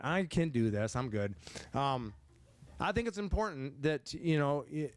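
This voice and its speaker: A man in his forties, a head football coach giving a banquet speech, talking in halting, stammering repeats and getting emotional at times. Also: on the high side, animated, no echo. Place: banquet hall, indoors.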